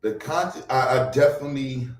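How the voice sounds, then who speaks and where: Man, streamer, rambling chat that jumps from loud outbursts to muttering; mid pitch, a bit off mic in an echoey room. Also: a little fast, recorded from a distance. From Brooklyn, New York. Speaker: livestream host. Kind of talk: casual livestream chat.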